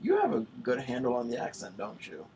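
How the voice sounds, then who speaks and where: A young man hosting a casual college radio interview, teasing and quick to laugh. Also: mid-range voice, huge pitch swings, vocal fry, mellow, slightly rough, poor audio. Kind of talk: casual on-air chat.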